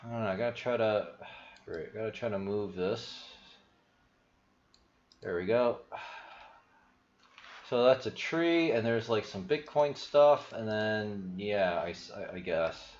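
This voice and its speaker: A man's voice: fairly low pitch, slow, pauses often, reverberant, highs cut off. A man chatting casually on a stream about markets, slightly out of breath, wandering from thought to thought with lots of restarts. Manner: meandering, many restarts, thinks aloud. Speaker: crypto and stock market streamer. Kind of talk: casual rambling livestream talk.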